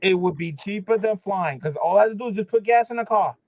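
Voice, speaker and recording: A man's voice: high-pitched, expressive, fast, darkish tone, no echo. A man hosting a livestream, chatting casually and complaining emphatically with lots of fillers. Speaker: livestream host. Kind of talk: casual chat. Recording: dull lo-fi sound.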